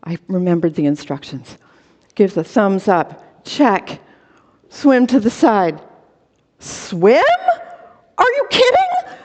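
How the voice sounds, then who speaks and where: A woman's voice: mid-range voice, lively intonation, takes it slowly, pauses often, warm tone. A woman performing a comic true story for a storytelling contest, with dramatic timing and short, punchy phrases over a video call. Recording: dull lo-fi audio with long reverb.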